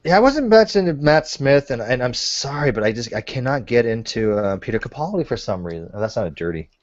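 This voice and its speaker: A man's voice: mid-range voice, big pitch swings, a little fast. A man hosting a casual group chat, stammering and laughing often. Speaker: host. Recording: dull lo-fi online call.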